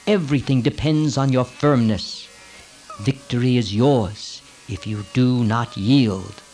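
A scheming woman servant from an old storybook tale, full of insistent, commanding urgency as she presses her mistress, with a man reading her lines. The voice sits at an ordinary middle pitch, with faint music underneath. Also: slow pace, darkish tone, close to an everyday voice. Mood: urgent.

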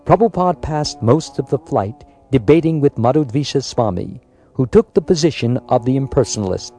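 A man reading a biographical story aloud in a measured, scripted narration. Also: medium pitch, lively intonation, dark tone, faint music behind. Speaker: audiobook narrator.

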